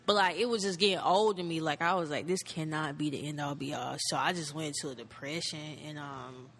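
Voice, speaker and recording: A woman's voice: low-pitched, steady tone, a little fast, fairly bright tone. A woman in her thirties from North Carolina, a musician guest telling her story in a laid-back way, filling it with "like" and acting out old conversations. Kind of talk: casual storytelling.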